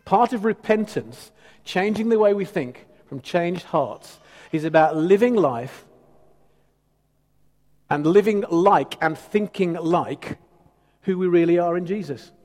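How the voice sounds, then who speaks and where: A man's voice: high-pitched, expressive, slow, a little mellow. Male preacher in a reverberant hall. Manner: conversational, teasing, emphatic preaching. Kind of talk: sermon.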